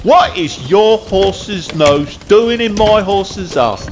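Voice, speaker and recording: A man voicing an angry rider stuck in a cart jam, shouting high and loud in a put-on accent. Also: lively intonation, slow, a little hiss or hum.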